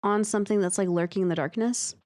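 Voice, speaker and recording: A woman's voice: mid-range voice, steady tone, fast talker, darkish tone. Woman, podcast co-host, casual chat, rambling storyteller, lots of um and like. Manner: chatty, laughing storyteller with many fillers.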